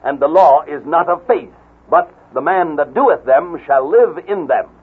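Male radio preacher with a husky, slightly high voice, slow and deliberate, phone-thin broadcast quality. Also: lively intonation, phone-quality sound. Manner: slow, deliberate, emphatic reading of scripture. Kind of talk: radio Bible teaching.

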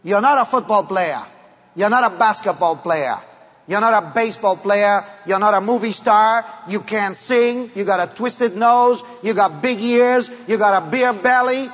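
A high-pitched man with a South American accent preaches to a packed hall, his voice trailing off into a long echo. He moves between emphatic raised declarations and soft, hushed lines. The recording sounds dull and muffled. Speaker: evangelist preacher. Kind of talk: sermon to a large crowd. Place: large hall before a crowd.

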